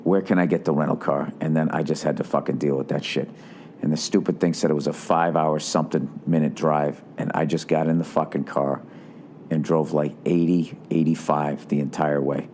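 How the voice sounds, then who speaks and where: A man's voice: a bass voice, flat delivery, moderate pace, a little mellow, a little hiss or hum. A man hosting a podcast, telling a story in an exasperated, sarcastic rant full of swearing. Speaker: podcast host. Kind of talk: profane ranting storytelling.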